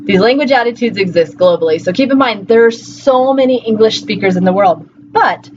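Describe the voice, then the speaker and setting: A woman's voice: mid-range voice, a little fast. A woman from Colorado giving a recorded linguistics lecture in a conversational way, with many fillers and checks like "right?". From Colorado, USA. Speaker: linguistics teacher. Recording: slightly dull, faint background hum.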